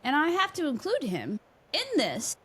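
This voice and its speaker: Wry, lively woman podcast co-host. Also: sits high. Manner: wry, quick to joke. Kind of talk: casual chat.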